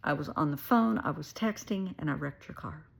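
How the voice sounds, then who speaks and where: A woman's voice: sits low, animated, moderate pace, gravelly, full character voice. A Southern-accented woman voicing a young boyfriend who pleads and makes evasive excuses. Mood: sheepish.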